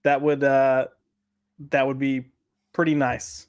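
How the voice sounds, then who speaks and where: A man's voice: mid-range voice, level tone, takes it slowly, clean tone. A man hosting a podcast in casual chat, reading out live chat comments in a loose, rambling way with lots of fillers. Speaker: podcast host.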